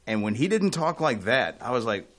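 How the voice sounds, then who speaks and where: Chatting casually on air as co-host of a radio talk show, a middle-aged man drifts into lengthy, wandering stories and livens up when excited. He talks fairly quickly at a medium pitch.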